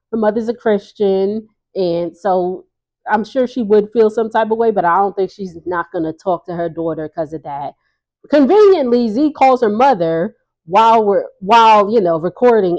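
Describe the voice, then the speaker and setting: A woman's voice: mid-range voice, darkish tone. A woman casually recapping a reality TV episode in a chatty, sassy way, laughing often and acting out what people said.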